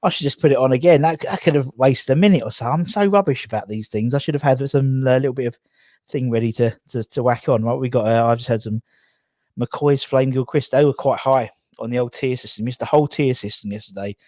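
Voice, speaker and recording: A man's voice: medium pitch, a little fast, darkish tone, dry recording, studio quality. A man from England hosting a casual live stream, rambling and out of breath as he reads out viewer comments. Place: garage.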